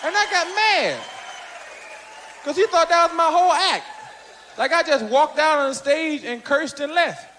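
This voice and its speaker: Male stand-up comic, very high voice, shouting punchlines, live hall, audience noise. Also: moderate pace. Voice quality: loud, animated storytelling, shouting punchlines. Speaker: stand-up comedian. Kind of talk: stand-up comedy routine. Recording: live hall recording with crowd and hiss.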